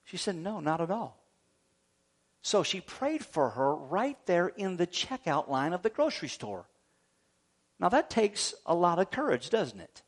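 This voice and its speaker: Storytelling male preacher, fairly high voice. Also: sing-song, a little slow. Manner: storytelling preacher, acts out quoted voices, calls for amens. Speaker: pastor. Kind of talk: sermon.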